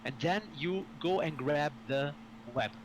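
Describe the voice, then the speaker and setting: Give me a relaxed man narrating a tabletop game over noisy audio. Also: fairly high pitch. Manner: relaxed, halting, laughs often. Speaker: dungeon master.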